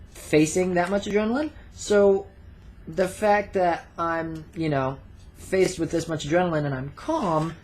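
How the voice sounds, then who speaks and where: A man's voice: on the high side, darkish tone, slight background noise. A young man vlogging a story in a rambling, casual way with plenty of swearing and fillers.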